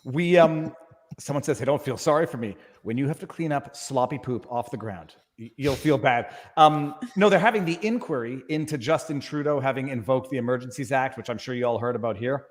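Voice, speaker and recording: A man's voice: medium pitch, a little fast, long reverb tail. A man chatting as a guest on a live stream, joking and rambling through asides. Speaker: guest YouTube lawyer. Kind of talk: casual panel chat on a live stream.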